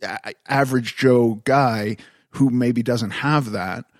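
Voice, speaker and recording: A man hosting a podcast in casual chat, speaking in an unhurried, halting way with restarts. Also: medium pitch, dry recording, clean studio sound. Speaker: podcast host.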